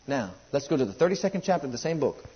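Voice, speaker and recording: A man preaching a sermon, reading scripture slowly and swinging between loud, high declarations and low, quiet asides. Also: very animated, husky. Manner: rising and falling preaching cadence, drawn-out scripture readings. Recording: muffled lo-fi sermon recording.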